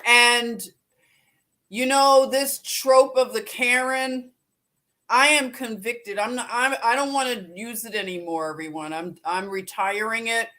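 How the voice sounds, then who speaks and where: A woman's voice: on the high side, unhurried, sharp tone. A woman hosting a live stream, chatting casually and greeting viewers by name with easy laughs.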